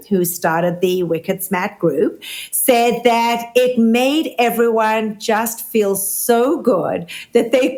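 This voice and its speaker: A woman's voice: medium pitch, a little mellow. A woman with a South African accent co-hosting a podcast, chatting through the news with frequent ums and restarts. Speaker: podcast co-host. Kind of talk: casual news chat.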